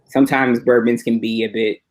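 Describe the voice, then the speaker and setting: A man's voice: mid-range voice, brisk, rough recording. Man chatting on a video call. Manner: rambling, relaxed storyteller. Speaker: panel guest. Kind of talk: casual chat on a livestream.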